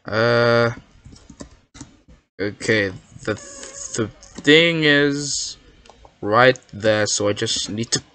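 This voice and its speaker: A gamer giving excitable, rambling commentary while playing, yelping and protesting whenever a trick fools them. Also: mid-range voice, very slow, long pauses. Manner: excitable, yelps and protests when fooled; rambling, self-correcting. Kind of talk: Minecraft gameplay commentary.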